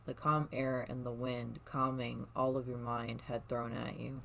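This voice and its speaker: A storyteller reading a second-person fan story aloud, soft-spoken, with small slips and restarts. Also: mid-range voice, flat delivery, slow pace, creaky, a little hiss or hum, rough recording. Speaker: fan fiction reader.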